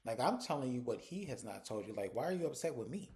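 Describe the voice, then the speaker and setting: A man's voice: mid-range voice, big pitch swings, fast, a little mellow. A man voicing a brash, defensive adult woman who fires back sassy retorts while retelling a show. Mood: indignant.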